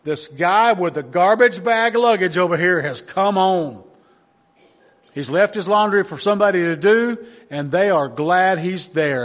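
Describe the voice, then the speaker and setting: A man's voice: fairly high pitch, fairly bright tone. A man pastor preaching a sermon in an earnest, emphatic manner, often restarting his phrases.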